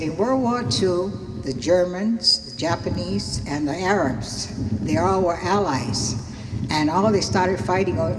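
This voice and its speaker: A woman telling lively stories and a joke to a memorial crowd, acting out the voices of the people in them. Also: fairly low pitch, background noise. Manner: animated storyteller, acts out voices. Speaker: guest speaker at a memorial. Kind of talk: storytelling a joke. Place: outdoor beach gathering on a sound system. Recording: echoey public address with long reverb.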